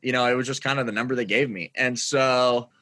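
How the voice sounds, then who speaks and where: A man's voice: medium pitch, steady tone, a little fast, sharp tone, no echo. A man, a football player, chatting casually as a guest with many fillers and easy laughs. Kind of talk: casual interview chat.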